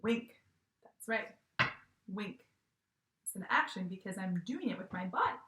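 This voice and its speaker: A young woman teaching a video lesson to young children from home, with a cheerful, animated manner and acting out words as she goes. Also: mid-range voice, fast, reverberant.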